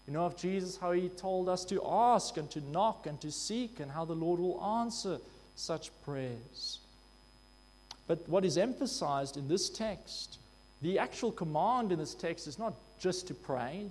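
A man's voice: high voice, lively intonation, measured pace, a little mellow. A man preaching a sermon in a church hall, emphatic, repeating key phrases for weight. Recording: long hall reverb with faint mains hum.

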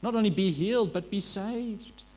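A man's voice: high-pitched, moderate pace, darkish tone. A man preaching a sermon in an earnest manner, asking rhetorical questions and sometimes correcting himself as he goes.

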